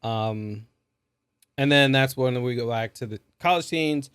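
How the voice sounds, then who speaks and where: A man's voice: mid-range voice, measured pace, fairly bright tone, smooth, no room sound, studio quality. A man co-hosting a podcast, recapping a movie in a rambling, casual way with lots of fillers. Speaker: podcast co-host. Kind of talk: casual movie review chat.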